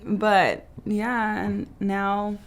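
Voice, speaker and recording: A young adult woman in a studio interview, telling her proposal story in an animated way, acting out quotes and laughing often. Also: mid-range voice, extremely slow. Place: video studio.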